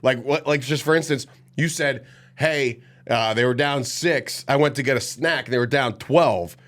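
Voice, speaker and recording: A man's voice: medium pitch, moderate pace, fairly bright tone. Male sports show host, stuffy nasal voice, rambling casual delivery, corrects himself a lot. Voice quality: nasal today, sniffly. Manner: loose, rambling, self-correcting.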